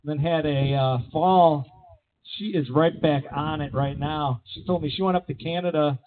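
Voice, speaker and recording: A man announcing races live at an outdoor BMX track, with energetic play-by-play full of rider nicknames. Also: a little high, normal speed, noisy background. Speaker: race announcer. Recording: tinny, phone-like sound.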